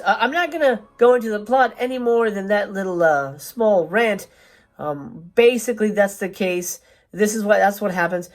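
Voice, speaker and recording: A woman hosting a movie review channel, delivering a profane, sarcastic rant in an emphatic, swearing manner. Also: medium pitch. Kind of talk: profane ranting film review.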